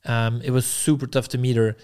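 A young man sits in as a podcast guest and spins a long story in relaxed, offhand chat. He curses freely and slips into other people's lines as he quotes them. His voice is smooth and clean, at an ordinary middle pitch. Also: a little fast. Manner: laid-back, swears freely, acts out quotes.

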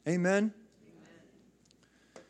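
A man's voice: slow, darkish tone. A male pastor preaching a sermon, fervently exhorting the congregation with calls and responses and often repeating and restarting his phrases.

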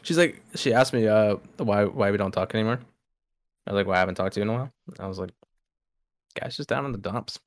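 A man's voice: on the low side, fast talker, dry recording, studio quality. A young man co-hosting a podcast, teasing his friend with sarcastic remarks in casual chat. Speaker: podcast co-host.

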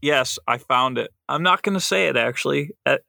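A man trading wry, teasing jokes in a sports podcast. His voice is gravelly with a bright, forceful edge. The sound is dry and close. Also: medium pitch, brisk, dry recording. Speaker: podcast co-host. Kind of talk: casual sports chat.

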